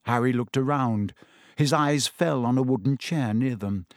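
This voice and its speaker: Guy narrating an audiobook, measured and tense, mid voice, super dry recording. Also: mid-range voice, dry recording. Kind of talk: scripted narration.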